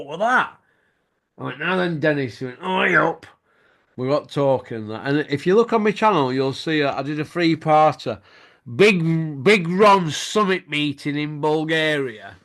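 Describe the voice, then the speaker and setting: A man's voice: a little high, normal speed. A middle-aged man, hosting a boxing show and telling stories in casual chat, swearing freely and laughing as he goes.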